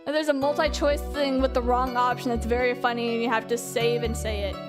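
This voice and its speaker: High-voiced, swearing woman streamer. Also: little pitch movement, fairly quick. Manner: profane, giggly, reacts out loud. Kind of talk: casual gameplay commentary. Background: game music.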